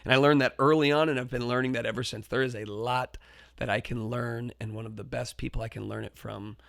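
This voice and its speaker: A man hosts a podcast and tells a story with lively swings, his voice jumping up when he acts out his own shouts. He sits at a middle pitch, and the recording is dry and close, with no room sound. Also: brisk, vocal fry, no room sound. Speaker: podcast host and teacher. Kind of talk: storytelling monologue.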